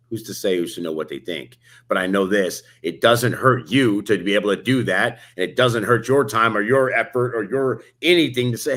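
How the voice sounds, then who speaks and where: A man talks fast and with energy, co-hosting a motivational podcast. He tells stories and acts out each part of the dialogue himself. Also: medium pitch. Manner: energetic storyteller acting out quoted dialogue. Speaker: podcast co-host. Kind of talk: motivational casual chat. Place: Las Vegas hotel.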